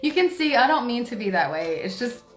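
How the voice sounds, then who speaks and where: Brief: a high-voiced woman, a tarot reader, forceful and excitable, recorded in a roomy space with faint music. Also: brisk. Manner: forceful and excitable, laughs often. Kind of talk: casual tarot reading to camera.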